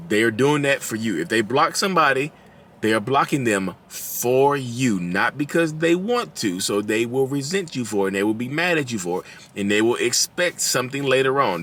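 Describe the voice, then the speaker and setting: With slight background noise behind him, a man in his thirties hosts his channel in a Southern drawl, offering casual commentary to viewers. He performs quotes in a raised voice and laughs at his jokes, his medium-pitched voice a bit bright.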